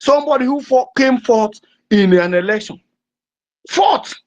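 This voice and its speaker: Speaking at a moderate pace in an extremely high, animated voice, a Nigerian English-accented political activist from southeastern Nigeria gives a passionate speech built on forceful repetition. The recording is lo-fi and dull.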